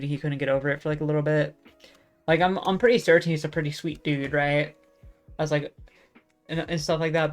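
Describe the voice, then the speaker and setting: A young adult streamer chatting casually while drawing, rambling in an excitable, profane way. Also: medium pitch.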